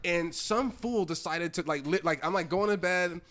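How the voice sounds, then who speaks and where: A young man co-hosting a podcast, telling stories in an animated way and laughing often. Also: sits high, normal speed. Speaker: podcast co-host. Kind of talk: casual chat, storytelling.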